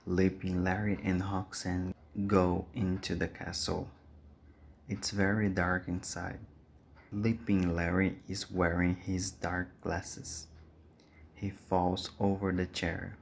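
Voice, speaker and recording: A man reading a storybook aloud as narrator, slowly and clearly. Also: low-pitched, level tone, slight background noise.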